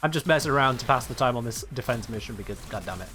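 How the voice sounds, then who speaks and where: British male game streamer, animated delivery, rambling casual chat, faint music under him. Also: mid-range voice, rapid-fire. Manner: chatty, rambling, reads chat aloud and chuckles often. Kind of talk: casual live-stream chat while gaming.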